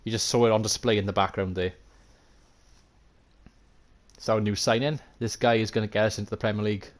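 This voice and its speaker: Welsh male streamer, lowish voice, chatty running commentary, self-deprecating asides to viewers. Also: fairly even intonation, a little fast. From Wales. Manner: thinks aloud, chatty, self-mocking, answers chat. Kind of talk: live gameplay commentary.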